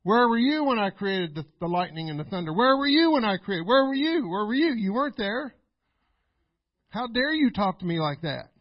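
A man's voice: big pitch swings, normal speed, no room sound. A man voicing an angry, commanding male God who fires off accusing questions. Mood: indignant. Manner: booming, repeated accusing questions. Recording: dull, dry lo-fi recording.

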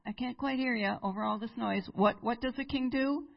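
A woman's voice: on the high side, moderate pace, creaky, lo-fi sound, voice pushed up. A woman preacher voicing a teasing, triumphant male courtier in a Bible story. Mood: taunting. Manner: teasing, taunting.

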